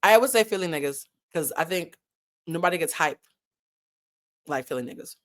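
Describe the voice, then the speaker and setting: A woman's voice: lowish voice, animated, brisk. A woman hosting a casual commentary vlog, talking animatedly and with lots of profanity, addressing her viewers directly. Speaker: host.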